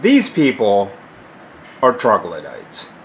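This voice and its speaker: A man's voice: fairly low pitch, huge pitch swings, slow pace, a bit bright, a little hiss or hum. A middle-aged man hosting his channel, delivering a combative, sarcastic rant that mocks his critics. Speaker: channel host. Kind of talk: ranting monologue to camera.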